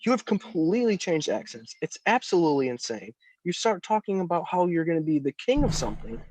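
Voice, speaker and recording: Young man, podcast co-host, exasperated, laughing, animated pitch, video call. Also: a little fast, no room sound. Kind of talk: casual joking chat.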